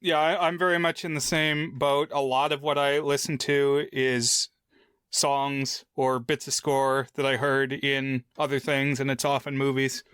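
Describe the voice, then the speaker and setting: A man co-hosting a film podcast, asking discussion questions and reflecting on memories in casual, measured chat. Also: medium pitch, level tone, fairly bright tone, clean tone, no echo, studio quality. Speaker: podcast co-host.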